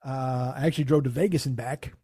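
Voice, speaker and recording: A man's voice: medium pitch, steady tone, fast talker, mellow, slightly rough, no echo, clean studio sound. A man, a comedian hosting his own podcast, telling a rambling, profane story with many restarts. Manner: rambling, profane, self-interrupting. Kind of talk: casual comic storytelling.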